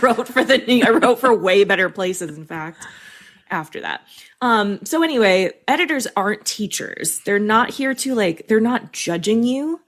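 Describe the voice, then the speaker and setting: A woman with a mid-range voice who coaches freelance writers talks candidly in a casual podcast chat. She swears freely and laughs often.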